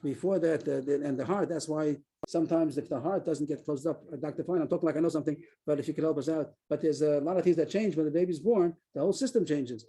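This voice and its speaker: Fast-talking man teaching on a video call. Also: fairly high pitch, mellow, slightly rough. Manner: explains quickly, repeats phrases, reads Aramaic text aloud. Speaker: Talmud teacher. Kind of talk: Daf Yomi class on a video call.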